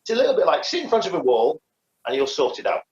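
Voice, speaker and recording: Rambling man, lively pitch, echoey. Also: fast. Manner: rambling, many restarts and fillers. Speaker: podcast co-host, karate teacher. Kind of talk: casual chat. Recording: echoey, dull lo-fi sound.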